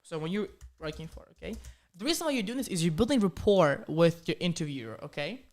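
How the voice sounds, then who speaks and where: A man's voice: fairly high pitch, sing-song, fast, a little mellow. A man with a slight accent coaching viewers in a live training, upbeat and repetitive, often checking in with "okay?" and "right?". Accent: slight foreign accent. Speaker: coding career coach hosting a live training. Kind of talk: live-streamed motivational coaching talk.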